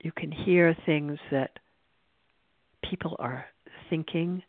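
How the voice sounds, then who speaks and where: Gravelly meditation teacher musing along, restarting a lot, phone-line sound. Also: medium pitch, dry recording. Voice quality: creaky. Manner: unhurried, reflective, many restarts. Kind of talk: spiritual talk. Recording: tinny phone-like line, dry.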